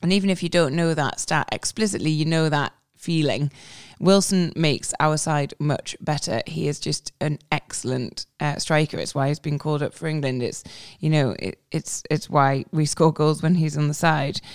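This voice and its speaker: A woman's voice: low-pitched, moderate pace, no room sound, clean studio sound. A woman co-hosting a podcast, chatting casually about football in a rambling way with many fillers. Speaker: podcast co-host. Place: recorded in person with co-hosts.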